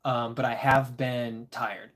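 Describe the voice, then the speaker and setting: A man's voice: medium pitch, flat delivery, slow, a bit bright. A tired man casually chatting with his live-stream audience, chuckling and rambling as he reads the chat. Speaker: disc golf livestreamer reading chat.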